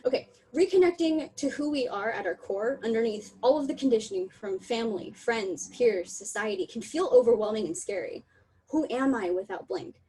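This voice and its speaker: A young woman giving a candid, emotional online talk over a video call, laughing often and apologizing in quick asides. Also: fairly high pitch, lively intonation, dark tone, a little hiss or hum, low-quality recording. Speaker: talk presenter.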